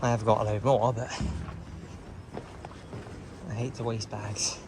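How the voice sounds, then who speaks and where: Out on a hill walk with traffic close by, a vlogger speaks casually to the camera and mutters asides as he goes. His lowish voice is flat and a little slow, and the recording is very noisy.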